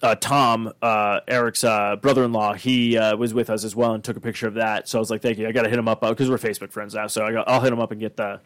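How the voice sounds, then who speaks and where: A man's voice: fairly low pitch, little pitch movement, quick pace, few pauses, fairly bright tone, dry recording. A podcast host, a man, telling a rambling casual story full of fillers and restarts, acting out the quoted lines. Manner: acts out quoted dialogue.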